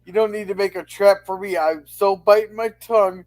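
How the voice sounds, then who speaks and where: A man's voice: sits high, steady tone, moderate pace, darkish tone. A man joining a casual online chat as a panel guest, teasing and holding back a joke, heard through a video call.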